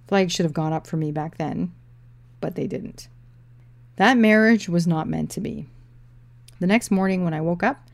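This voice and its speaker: Low-voiced woman author, wry. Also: creaky, darkish tone. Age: 30s. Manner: dry, wry storytelling. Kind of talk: memoir talk and reading from her novel.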